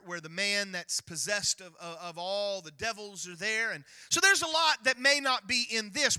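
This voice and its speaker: A male pastor preaching a sermon, emphatic and rising to near-shouts as he retells scripture. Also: sits high, no echo.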